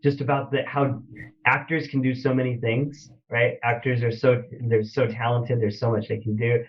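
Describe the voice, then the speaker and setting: A man's voice: medium pitch, flat delivery, normal speed, distant mic, muffled recording. A man, a film director guest, chatting enthusiastically on a podcast and laughing easily. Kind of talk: casual chat.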